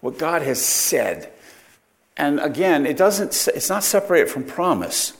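A man's voice: a little high, very animated, a little slow. Man teaching a Bible study. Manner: explanatory, with frequent rhetorical questions and self-corrections.

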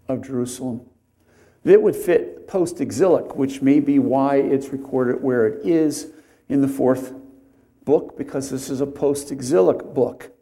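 In a mellow, medium-pitched voice, a man preaches expository material deliberately and conversationally. He stops to emphasize key words and now and then slips into homely side remarks.

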